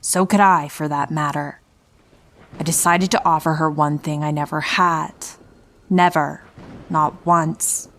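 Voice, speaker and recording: A man voicing a sinister female spirit trapped in a lifelike doll, speaking in a sarcastic monotone for a horror story. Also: a little high, measured pace, slight background noise, pitched above the performer's own voice. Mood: cold, mocking.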